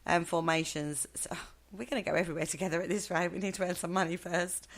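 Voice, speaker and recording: A woman's voice: on the low side, steady tone, fast talker, crowd noise. A female co-host chatting on a live show, giggly and enthusiastic.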